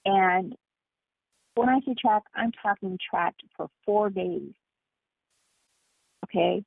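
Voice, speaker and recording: Woman guest, emphatic storyteller, raspy voice on a tinny phone line. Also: mid-range voice, takes it slowly, no room sound. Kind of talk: casual phone interview.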